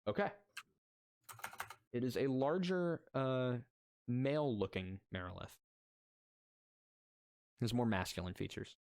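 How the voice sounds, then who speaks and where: A man's voice: mid-range voice, slow pace, vocal fry, pauses often, darkish tone, dry recording, studio quality. A man narrating as game master, talking loosely with many fillers and restarts.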